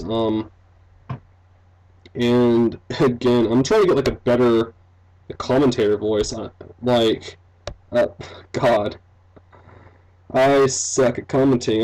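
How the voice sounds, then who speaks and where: Heard on a low-quality recording, a medium-pitched, slightly mellow male voice belongs to a young game developer and let's-play commentator. He rambles about the game he is building, leaning on fillers such as "um", "like" and "you know", laughing often and being self-deprecating.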